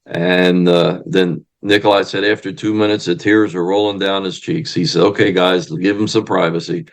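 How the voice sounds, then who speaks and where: A man's voice: low-pitched, moderate pace, gravelly. A man, a wrestling manager and historian, telling stories casually in an interview and acting out the people he quotes. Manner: animated storyteller acting out quoted voices loudly.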